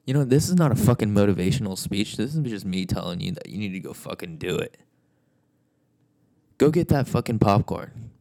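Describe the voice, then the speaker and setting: Gravelly man ranting with constant swearing. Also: on the low side, expressive, a little fast, dark tone. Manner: blunt, swears constantly, repetitive. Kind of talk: profane motivational rant.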